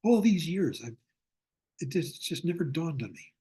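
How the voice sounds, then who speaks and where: Older man teaching with a husky voice. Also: on the high side, very animated, mellow. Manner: reflective, slows down for emphasis. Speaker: Buddhist teacher. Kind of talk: online lecture with storytelling. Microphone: video call.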